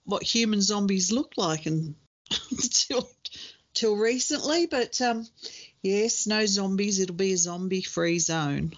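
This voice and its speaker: A woman's voice: medium pitch, slow pace. Lo-fi recorded woman podcast co-host. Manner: thoughtful, laughs easily, hesitant fillers. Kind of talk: casual chat. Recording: dull lo-fi sound.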